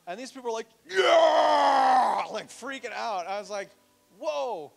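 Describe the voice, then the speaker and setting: A man who pastors a church, preaching a sermon with animated stories and emphatic appeals. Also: high-pitched, fast, vocal fry, shouting, poor audio. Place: church sanctuary.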